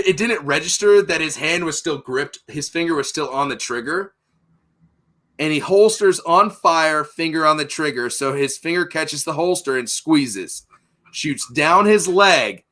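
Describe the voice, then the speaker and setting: A young man hosting a podcast, telling a profane, animated story in casual chat. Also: a little high. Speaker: podcast host.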